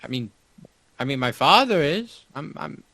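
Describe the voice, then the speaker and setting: Male player, high lively voice, stammers and hedges, dry close sound. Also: normal speed, no room sound. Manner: hesitant, stammering, wry. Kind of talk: casual tabletop role-play.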